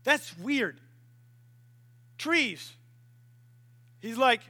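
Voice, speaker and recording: High-voiced, animated young preacher. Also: male voice, unhurried. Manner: animated, acts out voices and barking. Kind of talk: sermon.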